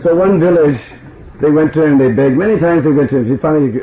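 A man's voice: fairly high pitch, quick pace. Man telling stories to a crowd, tinny. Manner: lively storyteller, chuckles between lines. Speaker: spiritual speaker. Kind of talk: storytelling talk to a seated audience. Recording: roomy, tinny phone-like audience recording.

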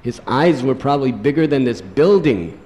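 A man preaching a sermon, telling a story dramatically and slowing down for emphasis. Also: mid-range voice, animated, dark tone. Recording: long hall reverb.

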